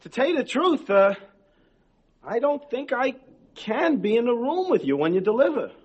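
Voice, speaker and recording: An actor playing a nervous young husband in a sitcom, stammering and hesitant. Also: male voice, very high-pitched, very animated, moderate pace, slightly rough, lo-fi sound, exaggerated voice. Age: young adult. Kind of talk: 1970s sitcom acting.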